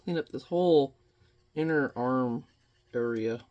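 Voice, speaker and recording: A man's voice: medium pitch, a little slow, darkish tone, dull audio. A man in his thirties rambling and joking with mild swearing as he chats casually while painting at home. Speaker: painting vlogger.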